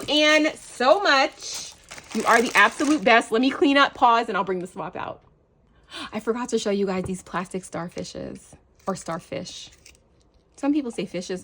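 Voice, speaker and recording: A woman's voice: mid-range voice, a little hiss or hum. Gushing woman unboxing craft mail. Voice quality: gushing, excited, lots of fillers. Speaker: crafting channel host. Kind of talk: casual unboxing chat to camera.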